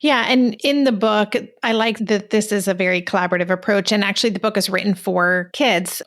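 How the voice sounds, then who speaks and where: A woman's voice: medium pitch, vocal fry, a bit bright. A woman hosting an interview podcast, asking thoughtful, layered questions. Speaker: podcast host.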